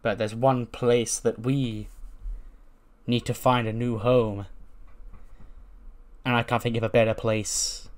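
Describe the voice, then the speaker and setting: A man's voice: medium pitch, little pitch movement, slow pace, pauses often, lightly acted. A man voicing scheming female wrestler villains, sly and menacing.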